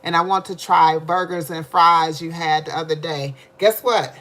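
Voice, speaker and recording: A woman's voice: low voice, little pitch movement, normal speed, fairly bright tone. A woman hosting a casual live cooking stream in her home kitchen, chatting to viewers and calling them "baby" and "y'all". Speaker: livestream host.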